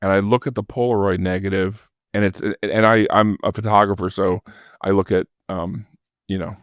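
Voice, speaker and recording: A man's voice: low-pitched, moderate pace, no room sound. An older man, a podcast guest, casually telling an anecdote and acting out the voices of the people in it. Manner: lively storyteller who acts out quoted voices. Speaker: podcast guest, former record store manager.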